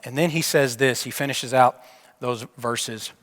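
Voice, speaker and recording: A male pastor preaching a sermon and telling a story, his delivery dropping from emphatic to hushed. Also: medium pitch, a little slow. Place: church sanctuary. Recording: long church reverb.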